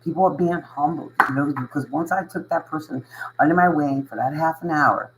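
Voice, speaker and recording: A man with a voice a bit higher than most talks straight to his viewers in an earnest, emotional monologue. He hammers points home through repetition, keeps checking in with "you know what I mean" and chuckles between lines. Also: brisk, poor audio. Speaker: spiritual channel host. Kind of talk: casual motivational monologue to viewers.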